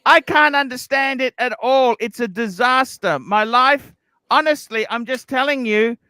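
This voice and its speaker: High, bright-voiced complaining man. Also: measured pace, clean tone, no room sound. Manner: complaining, swearing, self-pitying. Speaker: livestream host. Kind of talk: rambling livestream chat.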